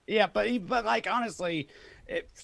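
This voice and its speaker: A man's voice: sits high, unhurried, creaky, a bit bright, dry recording. Tennessee-accented man, laughing and rambling. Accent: Southern US, Tennessee. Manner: rambling, self-deprecating, laughs often. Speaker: comedian guest. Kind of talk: casual interview chat.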